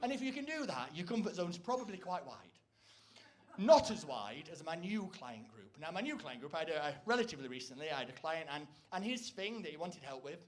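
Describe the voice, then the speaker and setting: A man performing a rambling, self-deprecating stand-up comedy set on stage, breaking into loud, shrill impressions. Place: stage before a live audience.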